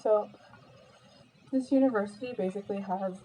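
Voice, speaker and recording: A woman's voice: medium pitch, moderate pace, heavy background noise. A young American woman chatting casually as she eats, telling a story with lots of fillers. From United States. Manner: chatty storytelling, many fillers, eating between lines. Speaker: vlogger. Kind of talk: casual chat while eating.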